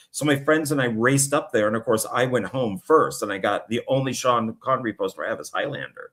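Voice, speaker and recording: A man's voice: medium pitch, a little fast, few pauses. A middle-aged man co-hosting a casual live stream, rambling through stories and acting out quotes. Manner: rambling storyteller, animated, acts out quotes. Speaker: co-host.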